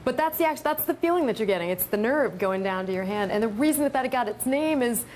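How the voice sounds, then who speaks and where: Fast-talking joking woman doctor. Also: fairly high pitch, expressive, a little mellow, a little hiss or hum, low-quality recording. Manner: quick, friendly, joking. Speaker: doctor guest. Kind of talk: explaining medical facts on a talk show. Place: TV studio.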